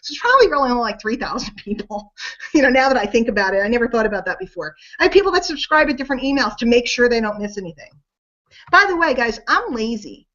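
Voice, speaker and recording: A middle-aged woman with a high voice hosts a casual sales webinar. She chats and rambles, making fun of herself as she goes. The sound is slightly dull and lo-fi, as if it comes through a webcam. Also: fairly bright tone. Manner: chatty, rambling and self-deprecating. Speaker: webinar host.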